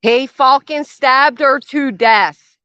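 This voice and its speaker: A woman's voice: high-pitched, slow, fairly bright tone, clear, resonant tone, dry recording. An older woman hosting a reaction commentary channel, blunt, sarcastic and swearing freely, recorded outdoors by a garden fence. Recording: dull, dry lo-fi sound.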